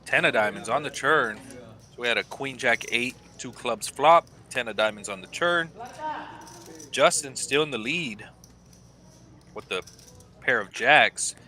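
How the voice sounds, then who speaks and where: A man calling a live poker game, giving measured, analytical play-by-play. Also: medium pitch, lively intonation, pushed and bright. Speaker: poker commentator.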